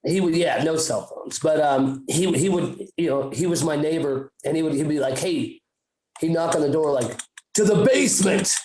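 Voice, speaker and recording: A man's voice: a little high, steady tone, moderate pace, dark tone, reverberant, low-quality recording. A man telling a story on a podcast in a casual, profane, rambling way with many restarts. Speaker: podcast co-host.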